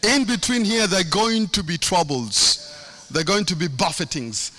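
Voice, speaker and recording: A man's voice: high voice, normal speed, sharp tone. A middle-aged man preaching a sermon, impassioned, with a sing-song cadence and lots of repetition.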